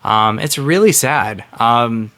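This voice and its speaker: Unhurried male film reviewer, thirties, bright, clear voice, earnest and rambling. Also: medium pitch, expressive. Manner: rambling with many fillers and restarts; earnest and emotionally invested. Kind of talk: casual spoken film review.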